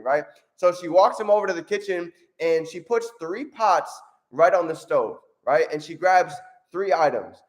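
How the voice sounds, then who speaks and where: A man hosts a motivational video, upbeat and energetic. His voice sits high. He keeps checking in with "right?" as he tells his story. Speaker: motivational vlogger.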